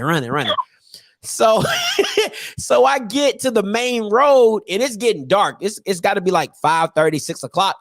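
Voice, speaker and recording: Animated man telling a comic story. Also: sits high, no room sound. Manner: animated, laughing often.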